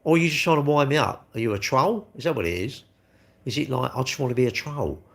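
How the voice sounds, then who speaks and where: A man's voice: medium pitch, animated, fast, vocal fry, fairly bright tone. A man, chatting casually on a live stream, rambling and blunt as he answers comments. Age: 60s.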